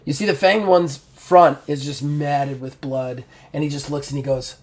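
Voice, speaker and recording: A man's voice: on the high side, steady tone, normal speed, a little mellow. Casual male game master narrating. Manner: casual, rambling, lots of "like".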